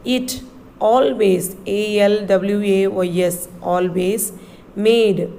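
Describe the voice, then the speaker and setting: A woman teacher, reading a textbook passage aloud slowly and spelling each word letter by letter for a class. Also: mid-range voice, fairly even intonation, vocal fry, mellow, a little hiss or hum, poor audio. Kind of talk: slow reading lesson, spelling words letter by letter.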